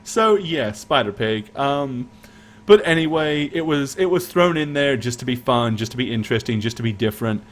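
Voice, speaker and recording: A man's voice: medium pitch, expressive, moderate pace. A man co-hosting a casual recap of a tabletop game stream, who rambles and restarts his sentences as he talks. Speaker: game master and co-host.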